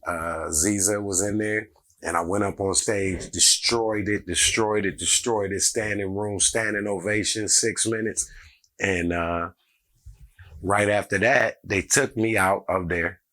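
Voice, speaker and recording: Man, middle-aged, comedian, deep voice, animated casual storytelling. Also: a little slow. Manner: animated, acts out every character in the story.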